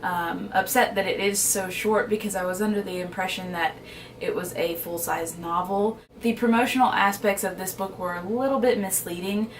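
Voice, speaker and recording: A woman's voice: medium pitch, steady tone, moderate pace, far from the mic, slight background noise. A woman vlogger chatting casually about books she bought, often unsure of titles and gushing about favorites. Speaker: book vlogger. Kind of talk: casual book haul chat.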